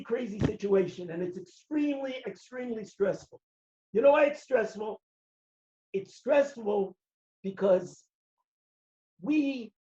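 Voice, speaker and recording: Animated rabbi telling stories, roomy lo-fi. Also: male voice, high voice. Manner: animated storyteller, acts out voices, shouts at peaks. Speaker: rabbi giving a talk. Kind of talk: sermon with stories. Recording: roomy, dull lo-fi recording.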